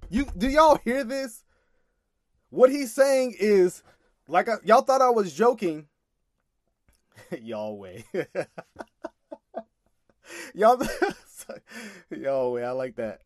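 A man's voice: sits high, sing-song, drawn-out words, long pauses, dry recording, studio quality. A man casually commenting on a sermon clip, exasperated and emphatic, often laughing in disbelief.

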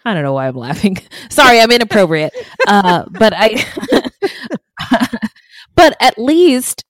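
A woman's voice: medium pitch, sing-song, measured pace, no echo. A woman co-hosting a true crime podcast, chatting casually with blunt asides and frequent laughter. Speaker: podcast co-host.

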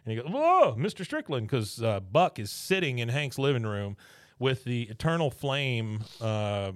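A man's voice: medium pitch, unhurried, clear, resonant tone, no room sound, clean studio sound. Chuckling man recapping an episode. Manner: chuckling, animated retelling. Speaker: podcast host.

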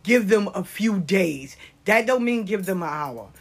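A middle-aged woman sharing life lessons in a passionate, animated monologue, dropping into whispered asides. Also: medium pitch, a little slow, husky. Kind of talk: conversational monologue.

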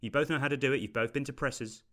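A man's voice: mid-range voice, steady tone, fast, a bit bright. A man hosts a podcast quiz over a video call, upbeat and wry, laughing between rules and scores. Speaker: quiz host.

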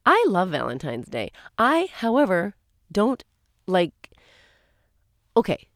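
A woman in her forties co-hosts a podcast, chatting alone from a small closet at home in a rambling way that often breaks off mid-thought. Her medium-pitched voice swoops wildly and moves slowly, and the studio-quality recording has no echo.

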